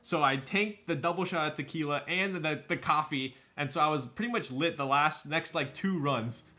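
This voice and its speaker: A man's voice: on the high side, moderate pace, pushed and bright. A man chatting casually on a live stream, hyped up, thanking viewers and laughing often while building a keyboard.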